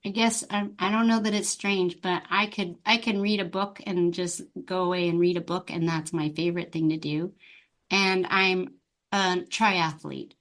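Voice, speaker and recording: Open, expressive woman life coach. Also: lowish voice, moderate pace. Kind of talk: podcast interview.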